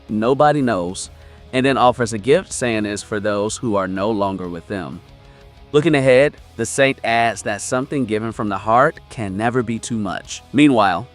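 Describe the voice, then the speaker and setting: A man narrating a comic story recap in a steady, scripted storytelling delivery. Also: mid-range voice.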